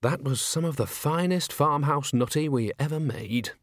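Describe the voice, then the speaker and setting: A man's voice: on the high side, moderate pace, dry recording, clean studio sound, natural voice. A man voicing a blunt, plain-spoken male cheese merchant who speaks wryly and lists things off.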